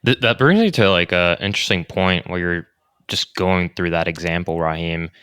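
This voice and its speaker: A man's voice: low voice, moderate pace, a bit bright, clean tone, dry recording, clean studio sound. A man co-hosting a casual podcast, asking thoughtful questions while searching for words. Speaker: podcast co-host.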